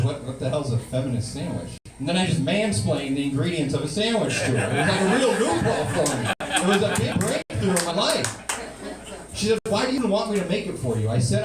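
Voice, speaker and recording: A man performing a stand-up comedy set with an ironic, deadpan delivery. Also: fairly high pitch, brisk. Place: live comedy club. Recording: roomy, distant live room recording with noise.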